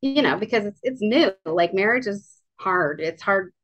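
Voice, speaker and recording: Speaking at a moderate pace in a medium-pitched, slightly bright voice with lively intonation, a young interview guest shares her personal story. She's earnest but keeps using fillers and restarting sentences, and the audio is dull lo-fi.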